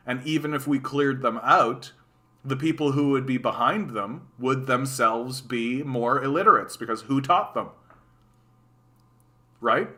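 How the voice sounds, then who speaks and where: A man with a Canadian accent giving casual, sarcastic political commentary on a live stream, reacting to chat and often restarting his sentences. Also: mid-range voice. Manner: animated, sarcastic, repeats words and restarts.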